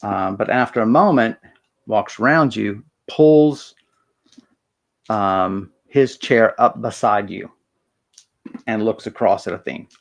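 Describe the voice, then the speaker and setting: A man's voice: on the low side, slow pace, vocal fry, pauses often. A man narrating a tabletop role-playing game as game master, chatty and hesitant.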